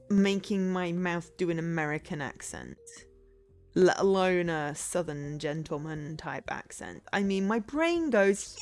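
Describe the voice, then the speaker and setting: Chatty woman streamer with a lively voice. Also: on the low side. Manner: chatty and rambling, laughing often. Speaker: game streamer. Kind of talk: casual gameplay commentary.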